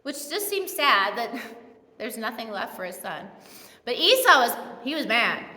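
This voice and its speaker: A woman's voice: on the high side, very animated, unhurried, pushed and bright. A woman pastor giving a sermon in a church, retelling the story in a casual, humorous way. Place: church sanctuary. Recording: echoey church hall.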